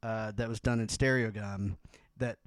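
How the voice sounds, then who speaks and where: A man hosts a casual music podcast, wandering through his thoughts with lots of "like" and restarts. His voice is smooth and resonant. The sound is dry and close, with no room around it. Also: on the low side, fairly even intonation, moderate pace, dry recording. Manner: rambling, full of "like" and restarts. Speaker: podcast host.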